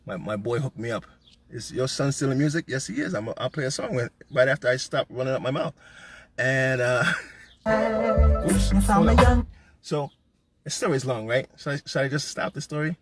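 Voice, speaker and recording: A man hosting from his car, telling a long rambling story in a casual, swearing, animated way. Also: mid-range voice, normal speed, soft background music. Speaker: host.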